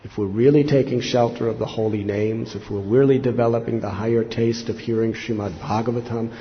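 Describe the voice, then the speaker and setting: Speaking a little fast at a medium pitch, this man keeps his intonation fairly even as he preaches a monk's devotional sermon. Scripture stories come across earnestly, and his quoted lines build in intensity as he acts them out. There's faint noise on a slightly dull, lo-fi recording.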